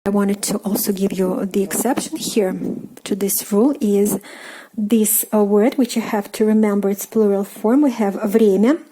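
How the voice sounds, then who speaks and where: A woman with a Russian accent teaching an online language lesson, explaining casually with fillers and repeating words slowly for practice. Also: medium pitch, steady tone, mellow.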